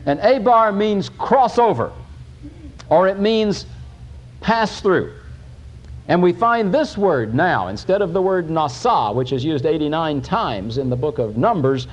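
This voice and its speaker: A man preaching a sermon, emphatic, with pauses and restarts. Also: high-pitched.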